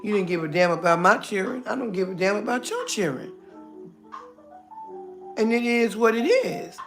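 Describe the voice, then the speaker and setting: A middle-aged woman with a drawl chats live to her viewers, blunt and talkative, calling out names and breaking into laughter. Her voice sits at an ordinary middle pitch, with soft music playing faintly behind her. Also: big pitch swings, normal speed. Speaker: livestream host. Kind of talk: casual livestream chat.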